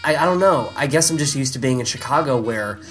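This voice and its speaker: A man's voice: mid-range voice, fast, faint music behind. A man hosting a casual chat, telling stories with exasperated asides. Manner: animated storytelling with exasperated asides.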